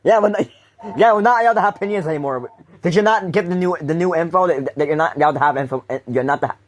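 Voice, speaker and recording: A man's voice: fairly high pitch, fast. A man hosting a casual podcast chat, rambling with frequent laughs and restarted sentences. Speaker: podcast host.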